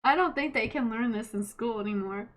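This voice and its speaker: A woman in her late twenties, a streamer telling stories in casual chat, animated, laughing often and swearing freely. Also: a little high, brisk. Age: late 20s.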